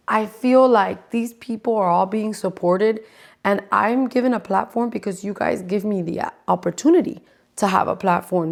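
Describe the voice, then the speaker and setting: A woman in her forties rants casually as a podcast host, swearing freely and sounding exasperated. Her pitch sits in a middle range for a woman. She talks straight to her listeners with sarcasm and sometimes drops into a stage whisper. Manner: sarcastic, addresses the audience directly. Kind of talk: casual ranting commentary.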